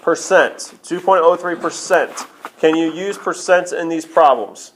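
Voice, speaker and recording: With a slight hiss or hum in the background, a math teacher with a somewhat high voice unhurriedly explains a screencast lesson on a tablet. He answers his own questions and peppers his talk with "okay."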